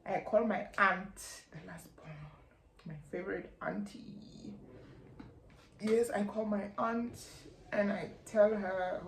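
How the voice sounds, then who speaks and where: A young South African woman with a South African accent, telling a personal story in a lively vlog and acting out her relatives' lines. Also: mid-range voice, slow pace. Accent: South African English. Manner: animated, acts out relatives' lines, slangy. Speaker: YouTuber. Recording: echoey room, faint background hum.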